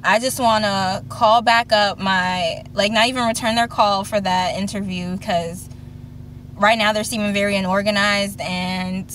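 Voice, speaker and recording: A woman's voice: medium pitch, steady tone, a little slow, a bit bright, a little hiss or hum. A woman in her twenties vlogging from a parked car, telling a long story and acting out the voices of the people in it. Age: 20s. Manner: chatty storytelling, acts out quoted voices. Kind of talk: casual chat.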